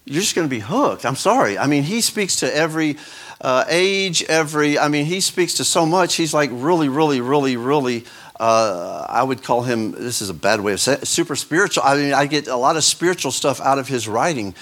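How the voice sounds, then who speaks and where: A man's voice: mid-range voice, animated, brisk, a bit bright. A man teaching a Sunday school class in a rambling, self-interrupting way, full of fillers and asides. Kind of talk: casual church teaching with read-aloud quotes. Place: church room.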